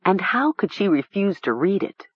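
A woman narrating a storybook in a measured, expressive way. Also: medium pitch, husky, no echo. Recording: dull lo-fi recording.

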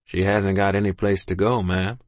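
A man voicing a quiet, deferential soldier uncle in close to his own voice. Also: sits low, little pitch movement, moderate pace, dry recording, natural voice.

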